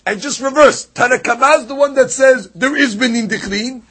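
A man's voice: very high voice, normal speed, slightly rough. A man teaching a Talmud lesson, explaining a passage back and forth and reading out Aramaic lines between English explanations. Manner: animated, rises sharply on key points.

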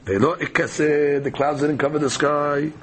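A man's voice: a little high, fairly even intonation, normal speed. A man teaching a daily Talmud class, reading the Aramaic text aloud and explaining it in casual, conversational English.

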